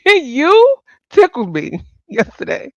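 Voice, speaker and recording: A woman's voice: high voice, wildly swooping pitch, extremely slow, no echo, low-quality recording. A woman hosting a casual livestream chat, talking to viewers by name and laughing often. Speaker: livestream host.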